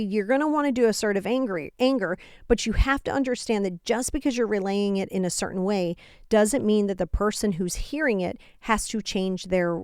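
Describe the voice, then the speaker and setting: A woman's voice: medium pitch, dry recording, clean studio sound. A woman hosting a podcast, talking casually about handling anger and acting out little exchanges as she goes. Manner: animated, acts out quoted exchanges, frequent asides. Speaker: podcast host. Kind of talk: casual self-help talk.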